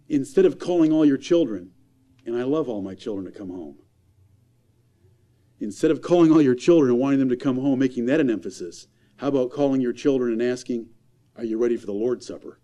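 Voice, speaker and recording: A man preaching a sermon in a church, emphatic, firing rhetorical questions and swinging from loud to hushed. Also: medium pitch.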